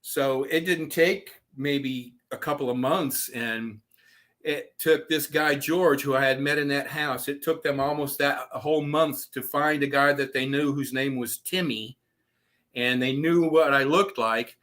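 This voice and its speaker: A man's voice: medium pitch, steady tone, a little slow, a bit bright. A man telling stories as a podcast guest, a profane, laughing raconteur. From Southwest Florida. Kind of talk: storytelling interview.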